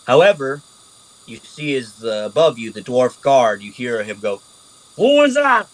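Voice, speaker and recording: A man narrating a tabletop game as game master, animated and casual, swearing freely. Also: medium pitch, normal speed, poor audio.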